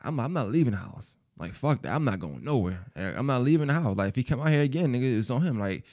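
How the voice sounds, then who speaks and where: A man's voice: medium pitch, fast. A man telling a personal story in casual, profane speech, acting out other people's lines as he goes. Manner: animated, profane, acts out quoted voices.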